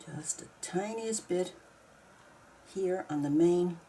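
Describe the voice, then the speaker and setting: A woman's voice: on the low side, slow, dark tone, slight background noise. A woman casually talking herself through a craft project step by step, now and then grumbling mildly at the work. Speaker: craft video maker. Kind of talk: casual narration while crafting.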